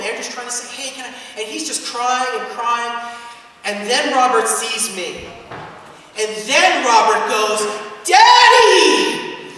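A pastor in his thirties preaching a sermon, moving from relaxed storytelling to loud, fervent preaching. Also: high voice, a little hiss or hum. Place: church sanctuary. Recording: echoey church hall from far off.

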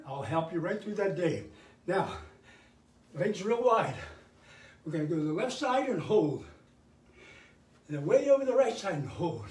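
A man's voice: sits high, far from the mic. An older man hosting a live fitness show, calling out counts and cheering viewers through the exercises. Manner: energetic, cheering coaching with counted cues. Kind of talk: live workout instruction. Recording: roomy sound from away from the mic.

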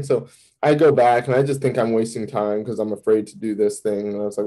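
A man, a campus minister, giving a candid personal testimony in an interview, telling it vividly with sudden jumps in pitch. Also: level tone, fairly quick, warm tone, low-quality recording.

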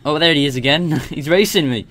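A man's voice: fairly high pitch, fairly quick. Rambling young man narrating his gameplay. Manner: rambling, excitable, swears and laughs. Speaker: gameplay commentator. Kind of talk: casual gameplay commentary.

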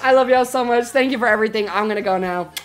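A woman livestreamer rambling energetically through a casual sign-off, her voice a little croaky. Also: a little high, racing. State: slightly croaky. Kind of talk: casual stream sign-off chat.

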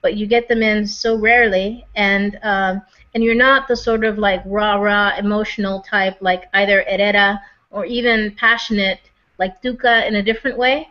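A woman's voice: mid-range voice, steady tone, moderate pace. A woman co-hosting a casual discussion, asking long rambling questions with many restarts. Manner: talks in long questions full of restarts and fillers. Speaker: podcast co-host. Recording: dull lo-fi recording.

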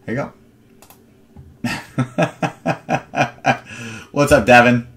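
A man's voice: mid-range voice, fairly even intonation, very slow, a bit bright. A young man hosting a live card break stream, chatting with viewers and rambling into stories between picks.

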